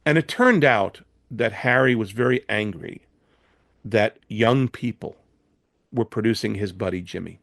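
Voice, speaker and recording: Gravelly older man telling studio stories. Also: on the low side, unhurried, no echo. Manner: animated, with frequent restarts and repeated words. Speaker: guest, record producer. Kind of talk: anecdotal interview storytelling.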